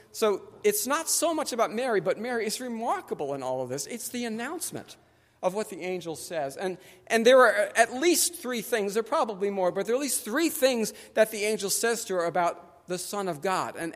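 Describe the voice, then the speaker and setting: A man preaching a sermon as pastor, animated and conversational, acting out the people he quotes. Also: high-pitched, normal speed. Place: church sanctuary. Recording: long church hall reverb.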